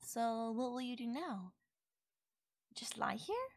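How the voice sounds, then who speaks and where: A woman playing a wide-eyed wolf-girl, high and lively. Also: takes it slowly, vocal fry, no room sound, studio quality, full character voice. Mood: curious. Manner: wondering, questioning, innocent. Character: curious naive young female wolf-girl. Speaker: voice actress. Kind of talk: ASMR audio role-play.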